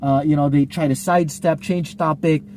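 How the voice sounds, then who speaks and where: A man with a slightly high voice talks casually as a pastor giving a teaching talk. He is conversational and loose, full of fillers and restarts. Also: fairly even intonation, normal speed, darkish tone, a little hiss or hum.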